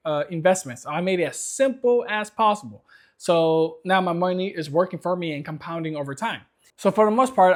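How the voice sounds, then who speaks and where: A man in his thirties talking casually to camera in an upbeat, rambling way with many restarts. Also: on the high side. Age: 30s. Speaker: vlogger.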